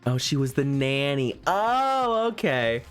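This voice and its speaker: Slow-talking, rambling male streamer. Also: medium pitch, big pitch swings, clean tone, faint music behind. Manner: rambling, chatty asides to viewers, frequent laughs. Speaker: streamer reading a visual novel. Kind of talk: casual live-stream chat.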